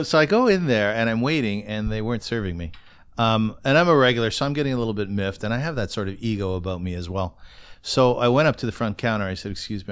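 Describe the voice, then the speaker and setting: A man with a fairly low, clean voice hosts a podcast in the style of a casual conversational interview. He chats easily and shares a story from his own life.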